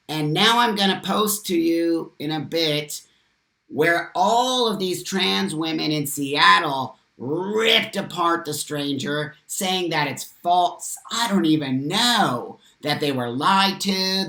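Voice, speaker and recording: A man's voice: a little high, bright, forceful tone. Man, livestream host, emphatic, fiery, curses, roomy echo. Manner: passionate, emphatic, swears freely. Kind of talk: live stream talk, reading chat comments.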